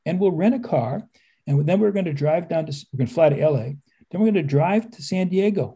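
Older male guest from the United States, husky and mellow, wry and rambling. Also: fairly high pitch, expressive, brisk. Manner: rambling, with restarts and wry asides. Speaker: author and historian guest. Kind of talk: conversational interview.

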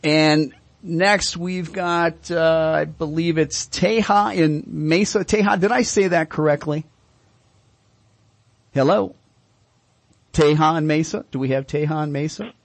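A male radio host giving dog-training advice in a direct, coaching way, often checking in with "okay?". His voice is gravelly and husky. The sound is dry and close. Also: fairly high pitch, fairly even intonation, measured pace, dry recording.

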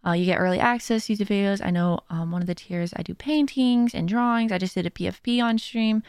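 A woman's voice: medium pitch, brisk, a little mellow, smooth, no room sound. A young adult woman hosting her own podcast, chatting casually and rambling with many fillers and giggles into a close mic. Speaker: podcast host and streamer. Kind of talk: casual chat. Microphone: speaking into a close mic.

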